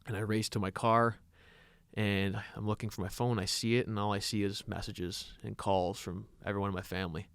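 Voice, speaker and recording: A young man co-hosting a podcast, telling a personal story in an earnest, halting way with many restarts. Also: fairly low pitch, level tone, vocal fry, fairly bright tone, smooth, no room sound. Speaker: podcast co-host. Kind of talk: personal storytelling in casual chat.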